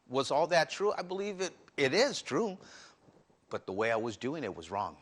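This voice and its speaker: A man's voice: a little high, sing-song, normal speed, a bit bright. A man speaking as a guest on a faith talk show, candidly telling his own story with earnest restarts. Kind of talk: personal testimony in interview.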